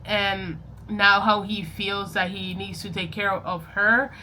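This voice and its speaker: A young woman with a bright, clear-toned voice chats casually to her viewers, rambling from one thought to the next and correcting herself along the way. She laughs easily as she talks, with a faint hum of room sound behind her. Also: mid-range voice, fairly even intonation, slow. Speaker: journaling vlogger. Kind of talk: casual chatty vlog.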